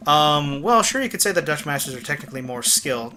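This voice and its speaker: Excitable young man streaming a game. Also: a little high, moderate pace, slight background noise. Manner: excitable, profane, rambling. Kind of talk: let's play commentary.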